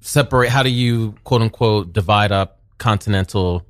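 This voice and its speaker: A man's voice: lowish voice, normal speed, no room sound, studio quality. A man co-hosting a casual chat, telling stories in a laid-back way with lots of "like". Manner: laid-back storytelling with "like" fillers. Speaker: podcast co-host.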